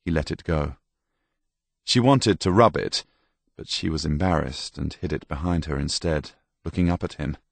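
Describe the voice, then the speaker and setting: A man reading a dark fantasy audiobook as narrator, in a measured, deliberate storytelling manner. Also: extremely low pitch, vocal fry, dry recording. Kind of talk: scripted narration.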